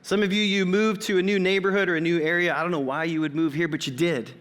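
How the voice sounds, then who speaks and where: A man's voice: sits high, fairly even intonation, fast talker, a bit bright, slight background noise. A pastor in his forties giving a sermon in a church auditorium, talking conversationally with personal asides. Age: 40s. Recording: long reverb of a church hall.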